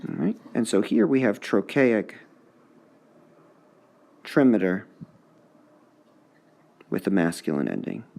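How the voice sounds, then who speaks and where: Male English teacher, gravelly, unhurried, lively pitch; recorded class lesson. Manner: sounds out syllables to mark the stresses. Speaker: high school English teacher.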